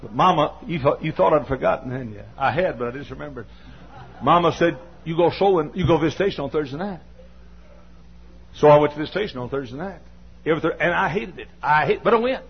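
A man's voice: on the high side, lively intonation, quick pace, gravelly, a little hiss or hum. An older man with a Southern American accent preaching a sermon, telling a folksy story and scolding his listeners now and then. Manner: folksy, scolds the audience, bursts into shouts. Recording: dull lo-fi sermon recording.

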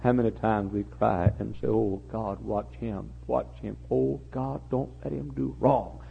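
An older man preaching a sermon, repeating his phrases and building to impassioned, near-shouting peaks. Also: on the low side, fairly even intonation, measured pace, gravelly, husky. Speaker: pastor. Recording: muffled lo-fi recording.

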